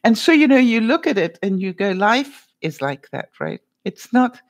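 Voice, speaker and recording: Reading out viewer comments on her live stream, a middle-aged woman chats in a loose, rambling way, laughing often and filling gaps with lots of fillers. Her voice is on the high side with big pitch swings, at normal speed.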